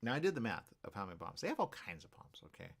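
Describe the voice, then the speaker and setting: Male talk show host, casual monologue, rambling and repetitive, low gravelly voice, swings his pitch around a lot. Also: very animated, racing, slight background noise. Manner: rambling, repeats himself, keeps checking in with "okay?".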